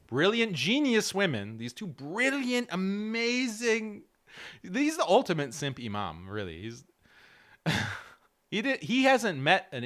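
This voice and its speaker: Mocking, animated male commentator. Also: sits high. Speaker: show host reacting to clips. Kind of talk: casual commentary.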